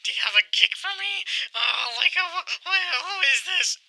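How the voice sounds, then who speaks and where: A man voicing an eccentric, excitable fox performer with a high, theatrical voice. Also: normal speed, heavily acted.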